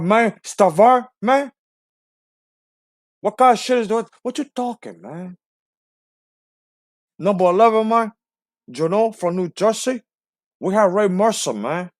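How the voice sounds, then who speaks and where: A guy putting on a cocky cuban gangster voice, trash-talking, pitched up high, bone-dry sound. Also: dry recording. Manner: brash, taunting, ends phrases with "man". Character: swaggering foul-mouthed male Cuban gangster.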